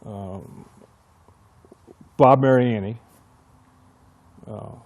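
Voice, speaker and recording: A low, mellow-voiced older man reminisces in an oral history interview. He's a retired fire chief who tells his career stories at an easy pace. He acts out the old conversations as he recalls them. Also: drawn-out words, creaky, dull audio. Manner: reminiscing storyteller who acts out remembered dialogue.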